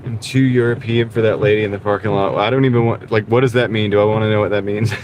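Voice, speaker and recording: A man's voice: on the low side, fast. A man livestreaming while driving for food deliveries, chatting in a rambling way and answering viewer comments. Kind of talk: casual live-stream chat while driving. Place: inside a car driving in the rain. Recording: steady road and car noise behind. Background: car and road noise.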